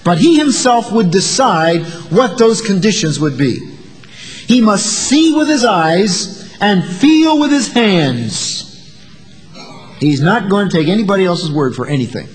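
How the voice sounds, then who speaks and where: A man's voice: high voice, animated, measured pace, in a large hall, faint music behind. A man preaching a sermon in a dramatic way, acting out the voices of the people in his story. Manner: dramatic, acts out voices of the disciples and doubters.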